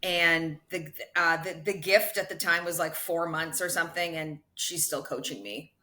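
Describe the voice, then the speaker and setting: Middle-aged woman, podcast guest. Bright, lower-pitched, chatty and quick to laugh. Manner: animated, quick to laugh, self-correcting restarts. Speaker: podcast guest, ultra runner. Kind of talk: casual storytelling interview.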